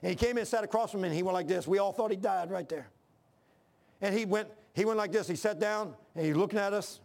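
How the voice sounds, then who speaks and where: A man's voice: high-pitched, fast talker, creaky. An older man preaching a sermon, mixing scripture with folksy, plain-spoken stories. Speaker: pastor.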